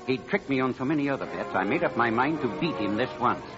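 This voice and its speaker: An actor playing a smooth-talking, scheming male Broadway promoter who narrates, in 1940s radio style. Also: medium pitch, lively intonation, quick pace, music in the background, lightly acted. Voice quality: glib, persuasive. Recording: dull old radio broadcast.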